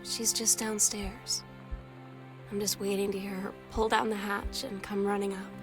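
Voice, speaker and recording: An actress voicing a wistful, heartbroken young woman reading her journal in a game, soft and sad. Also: medium pitch, level tone, normal speed, close to an everyday voice. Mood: longing. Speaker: game narrator reading diary entries. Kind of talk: voiced game journal narration. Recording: game audio with loud music behind.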